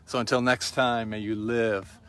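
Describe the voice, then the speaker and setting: A man preaching a sermon in a slow, reflective and quietly earnest way. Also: mid-range voice, little pitch movement, clear, resonant tone.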